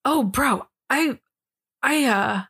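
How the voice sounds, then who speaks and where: A woman's voice: high voice, slow pace, fairly bright tone, slightly rough. A young woman co-hosting a podcast in casual chat, rambling and giggly, swearing freely. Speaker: podcast co-host.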